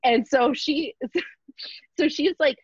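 A young woman comedian telling a story in a casual, profane, animated way and acting out the people in it. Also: high-pitched, very slow, dry recording. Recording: dull lo-fi sound.

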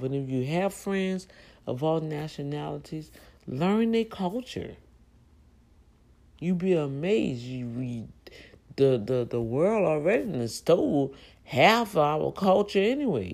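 Middle-aged show host, slow and gravelly, emphatic and repetitive. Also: mid-range voice, expressive, a little mellow, rough recording. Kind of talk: casual monologue show.

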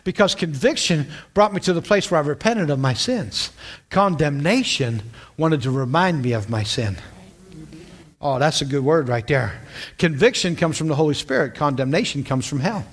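A man's voice: fairly high pitch, lively intonation, normal speed, breathy edge. A man from western Pennsylvania preaching, telling a personal story with repeated words and check-ins with listeners. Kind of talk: sermon storytelling.

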